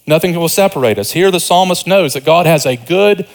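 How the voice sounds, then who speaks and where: A man's voice: fairly high pitch, animated, a little fast, creaky. Earnest man preaching a sermon. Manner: earnest preaching, rising emphasis then quiet asides. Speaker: pastor.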